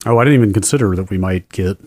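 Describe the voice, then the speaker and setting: A man's voice: sits low, very fast, a little mellow, no echo. Wry male podcast co-host, dry close sound. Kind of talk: casual chat.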